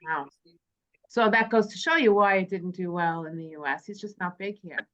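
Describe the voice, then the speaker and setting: The movie club's host, a woman with a bit of brightness in her medium-pitched voice, reads from her prepared notes and jokes around with friends at a normal speed. It's chatty and casual, and the sound is dull and lo-fi.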